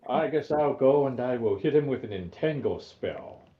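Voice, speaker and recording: A tabletop player with a lively, up-and-down voice who chimes in with wry remarks. The recording is dull and lo-fi. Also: male voice, mid-range voice, moderate pace, echoey room. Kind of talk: casual chat.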